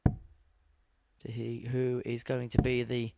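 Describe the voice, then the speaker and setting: A man's voice: medium pitch, completely flat delivery, takes it slowly, gravelly, background noise. A man doing live darts commentary, chatty and informative, mixing play-by-play with anecdotes.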